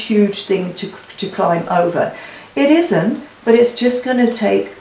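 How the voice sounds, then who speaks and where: Woman tarot reader, warm-hearted chatter to her cards, recorded in an echoey room. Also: mid-range voice. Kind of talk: weekly tarot card reading.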